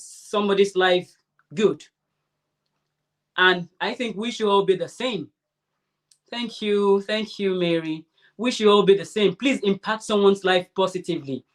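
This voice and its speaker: A woman hosting a crafting livestream, chatting casually and warmly answering her viewers' comments. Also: mid-range voice. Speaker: crafting channel host.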